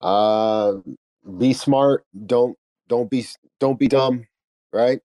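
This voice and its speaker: Hesitant man with a mellow voice. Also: mid-range voice, steady tone. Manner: hesitant, halting. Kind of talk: casual chat.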